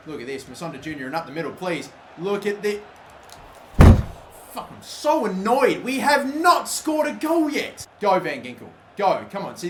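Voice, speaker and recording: A young man commentating his own football video game match, swearing constantly and swinging between exasperation and excited yelling. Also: mid-range voice. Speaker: gaming channel host. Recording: echoey room with faint background noise.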